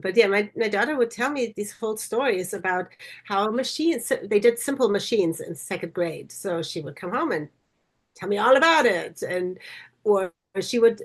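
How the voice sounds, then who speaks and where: A woman co-hosting a parenting podcast, chatting casually and telling family anecdotes with easy laughs. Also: mid-range voice. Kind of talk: casual conversation.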